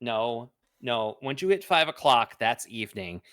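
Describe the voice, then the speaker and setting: A woman's voice: a bass voice, expressive, a bit bright, dry recording, clean studio sound. A woman chatting on a live stream, arguing playfully with her friend. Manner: playfully argumentative, drawn-out delivery. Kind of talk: casual chat on a live stream.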